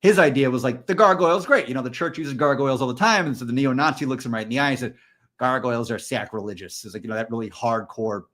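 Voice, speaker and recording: A man co-hosting a candid podcast conversation, telling stories in a loose, animated way with plenty of fillers. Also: mid-range voice, racing, hardly any pauses. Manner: storytelling, animated, frequent fillers. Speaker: podcast co-host.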